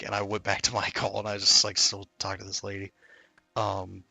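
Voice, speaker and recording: A man's voice: on the low side, monotone, normal speed, vocal fry, sharp tone, no room sound, faint music behind. A man chatting casually on a stream, telling long stories full of fillers. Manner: rambling storyteller, many fillers. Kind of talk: casual chat.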